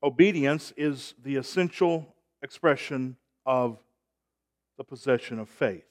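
A man's voice: mid-range voice, a little slow. A man preaching a sermon as pastor, emphatic and rising in volume on key points.

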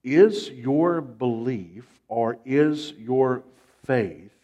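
A man preaching a sermon. He repeats his phrases, calls for amens and swings from hushed lines to loud, rising ones. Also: mid-range voice, lively intonation, extremely slow.

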